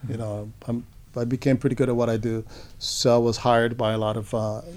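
An older man recounts his past as an interview guest. His voice is dark and mellow, and he talks in an unhurried, reflective way, pausing on fillers as he remembers. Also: medium pitch, level tone. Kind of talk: relaxed storytelling interview.

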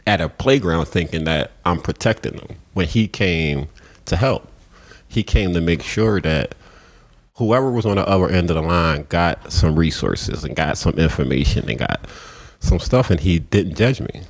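Animated man telling a story. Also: moderate pace. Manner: animated, acts out quoted voices with big pitch jumps. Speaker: community coach and mentor. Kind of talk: storytelling in a conversation.

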